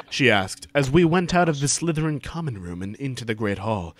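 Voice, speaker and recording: A man's voice: on the low side, big pitch swings, normal speed, few pauses. A man giving an over-the-top comic reading aloud to friends, stumbling and swearing for laughs, on a desk mic during a voice call. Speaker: reader of a fan fiction for friends.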